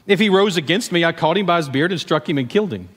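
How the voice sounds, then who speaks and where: A man gives a sermon to a congregation, voice a touch higher than most. He talks in a loose, conversational way, acting out scenes with asides. The sound carries a long hall reverb. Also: fast. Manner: conversational, animated storytelling with laughs and asides. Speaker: pastor.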